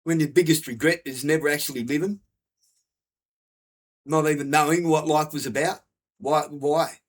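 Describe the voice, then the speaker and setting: A man, his voice sitting a bit higher than most men's. He rants bluntly and keeps swearing, looping back over the same points in a hard, sweary delivery. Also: fairly even intonation, moderate pace. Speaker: vlogger. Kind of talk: angry profane rant.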